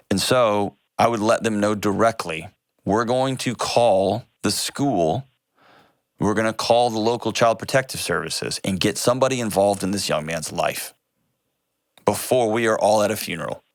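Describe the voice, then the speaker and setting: A man hosting a call-in advice show, talking directly and earnestly, quick to correct himself. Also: on the low side, no room sound, studio quality.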